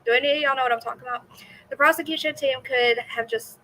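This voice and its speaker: A woman's voice: sits high, fast, sharp tone, a little hiss or hum, rough recording. A young woman streaming from home, giving chatty, indignant commentary on a trial and talking straight to her viewers. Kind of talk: casual live commentary.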